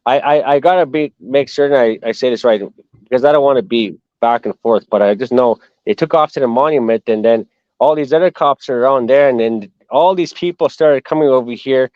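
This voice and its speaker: A man's voice: mid-range voice, fairly quick, dry recording. A man from Canada tells a long story as an interview guest. He rambles and restarts his sentences often. His voice comes through a slightly muffled video call in a dry, close space. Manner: rambling, with many restarts and asides. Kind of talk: casual storytelling.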